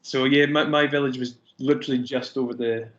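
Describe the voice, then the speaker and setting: A man from the Scottish Highlands with a softened Highland accent, chatting casually and trailing off mid-sentence. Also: steady tone, a little fast, highs cut off. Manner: easygoing, laughs often, trailing sentences. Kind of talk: casual chat.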